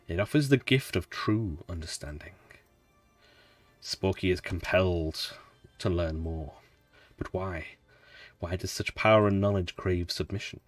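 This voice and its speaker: A solemn male space traveler from a video game, speaking in a low, unhurried voice, as a man reads his lines. He sounds quiet and grave, and soft game music plays faintly beneath him. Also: dry recording, recorded from a distance. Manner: quiet, grave, measured reading.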